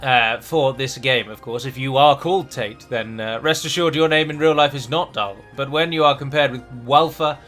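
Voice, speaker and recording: A man's voice: mid-range voice, normal speed, few pauses, a bit bright, soft background music. A man hosting a strategy game let's play, chatty and rambling, with restarts and the odd dramatic flourish. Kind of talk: game commentary.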